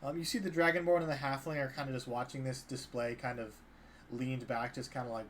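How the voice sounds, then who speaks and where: A man's voice: mid-range voice, a little fast. Man as dungeon master, easygoing, hesitant, faint background hiss. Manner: relaxed, hesitant, many fillers. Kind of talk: narrating a tabletop game.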